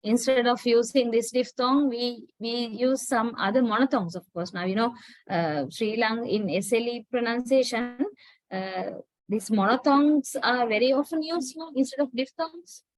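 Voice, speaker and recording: A woman from Sri Lanka teaching English pronunciation in an online class, slow and patient, checking in with a rising "right?". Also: on the high side, no echo, poor audio. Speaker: English lecturer.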